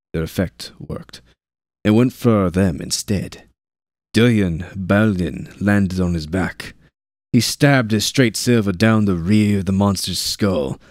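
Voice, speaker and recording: A man reading a war novel aloud as narrator, with steady narration and shouted dialogue lines. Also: low voice, no echo, clean studio sound. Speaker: audiobook narrator.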